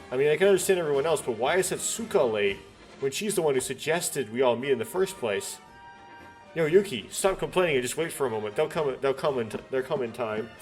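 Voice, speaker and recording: Guy reading through a visual novel out loud, plays all the parts himself, trips over words now and then, quiet game music underneath. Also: medium pitch. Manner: reads every part in his own voice, with stumbles and self-corrections. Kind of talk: reading all characters' lines aloud.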